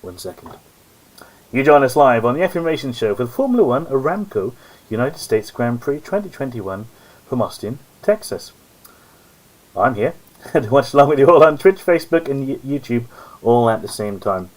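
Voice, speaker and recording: Very animated yet speaking at a moderate pace, this mid-range-voiced man runs a live-stream on his own. His commentary is casual, rambling, and self-deprecating, and the recording quality is rough.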